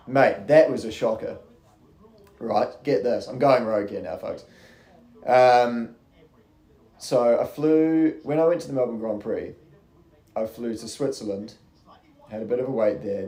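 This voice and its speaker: A man's voice: fairly low pitch, mellow, roomy sound. A young man giving casual, rambling race commentary on a live stream, chatty and swearing freely.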